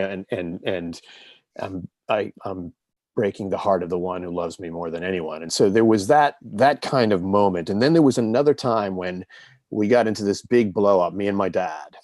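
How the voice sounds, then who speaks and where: Fifties guy, low voice, earnest and reflective, telling stories in a chat, dry sound. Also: darkish tone, no echo. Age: 50s. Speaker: interview guest. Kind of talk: casual conversational storytelling.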